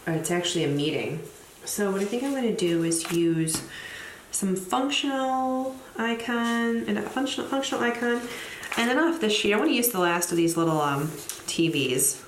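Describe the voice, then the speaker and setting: Woman, lowish voice, chatty plan-with-me narration, thinking out loud, roomy echo. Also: a little hiss or hum. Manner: chatty, thinks aloud, self-deprecating asides. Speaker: planner vlogger; teacher. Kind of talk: casual plan-with-me narration while decorating.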